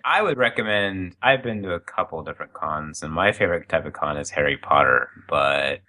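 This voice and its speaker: A man's voice: rumbling low, animated, brisk, sharp tone. A man in a casual chat who jumps in with teasing remarks.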